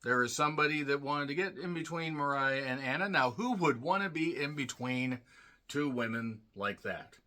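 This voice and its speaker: Animated, sarcastic male show reviewer. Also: mid-range voice, moderate pace. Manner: sarcastic, profane ranting with asides; clears throat often. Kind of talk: solo review commentary.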